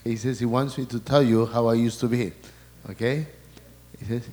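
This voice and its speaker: A male priest gives a sermon talk in a large hall, his middle-pitched voice trailing off in a long reverb. He stops and restarts often and repeats words as he passes along quoted messages to the listeners. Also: steady tone, moderate pace, mellow.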